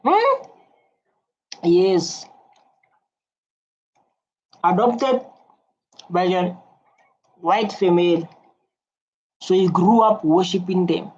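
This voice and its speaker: Husky woman reacting. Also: lowish voice, takes it slowly, long pauses, muffled recording. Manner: animated, repeats phrases, many fillers and restarts. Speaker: reaction video host. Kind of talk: casual reaction commentary.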